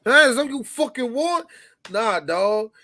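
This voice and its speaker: A man's voice: very high voice, a little slow, voice pushed up, heavily acted. A man playing a hot-tempered mob bar owner. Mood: indignant. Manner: bossy, hot-tempered, swearing, says calm down over and over. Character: blustering Italian-American mob bar owner, touchy. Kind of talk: comedic improv bit on a podcast.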